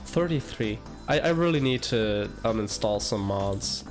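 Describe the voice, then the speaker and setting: A young man in his twenties chatting casually on a live stream, halting and rambling with stammered restarts. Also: fairly low pitch, lively intonation, over music.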